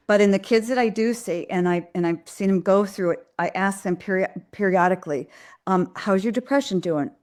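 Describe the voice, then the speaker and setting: A woman hosts a live question-and-answer session, giving parenting advice to viewers. She talks in an earnest, direct way and often stops to restart a thought or fill a pause with "um." Her voice sits at an ordinary middle pitch. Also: steady tone, darkish tone.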